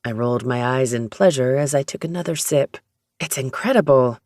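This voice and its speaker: An audiobook narrator reading a first-person romance story in a steady, even storytelling manner. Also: medium pitch, a little fast, no room sound, clean studio sound.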